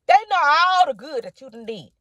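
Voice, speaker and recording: A woman's voice: high-pitched, expressive, normal speed, bright, forceful tone, dry recording. A woman minister preaching to camera with impassioned, rhythmic repetition, calling the listener honey and baby. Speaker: minister giving a prophetic word.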